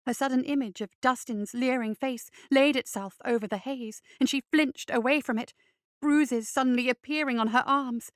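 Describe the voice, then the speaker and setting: A woman reading a fantasy story aloud in measured, even scripted narration. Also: a little high, no room sound, studio quality. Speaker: reader.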